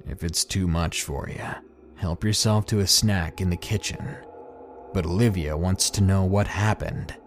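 A man voicing a gruff, chain-smoking old great-uncle with a raspy voice, speaking slowly and bluntly in a storybook reading. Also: sits low, steady tone. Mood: snappish. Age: older. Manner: slow, blunt and snappish.

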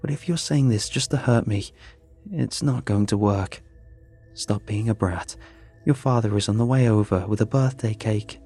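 A man's voice: on the low side, moderate pace, mellow, slightly rough, faint music behind. A man voicing a stern middle-aged mother who scolds her daughter defensively. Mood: scolding.

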